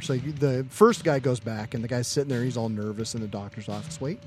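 A man's voice: mid-range voice, fast talker, few pauses, a little mellow, soft background music. A man co-hosting a podcast, chatting casually and telling jokes, swearing freely and using a lot of fillers. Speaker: podcast co-host. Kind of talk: casual chat and joke telling.

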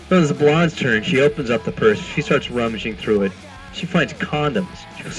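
A man's voice: medium pitch, lively intonation, normal speed, faint music behind, rough recording. A man co-hosting a podcast, trading dry wisecracks and telling a dirty joke. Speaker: podcast co-host. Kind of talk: casual crude banter.

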